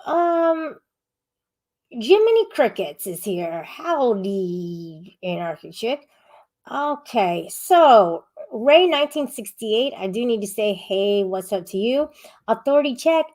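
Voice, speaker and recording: A woman hosting a live-stream panel, chatting casually, reading the chat aloud and scolding viewers in a rambling, sharp manner. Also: on the high side, big pitch swings, slow.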